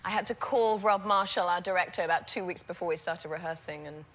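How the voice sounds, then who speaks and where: A woman in her thirties with a British accent, telling lively, laugh-filled stories as a talk-show guest. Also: fairly low pitch, fast talker, heavy background noise. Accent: British English. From England. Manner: lively storyteller, laughs often, acts out quotes. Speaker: actress guest on talk shows. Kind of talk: anecdotal talk-show chat.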